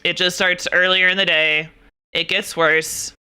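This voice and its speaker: A young woman streamer in casual chat, ranting in an animated, exasperated way with plenty of swearing. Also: lowish voice, measured pace, clean tone.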